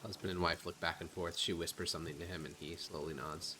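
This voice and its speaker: A man narrating as game master in a tabletop game, casual and halting with fillers. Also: low voice, steady tone, sharp tone, slight background noise.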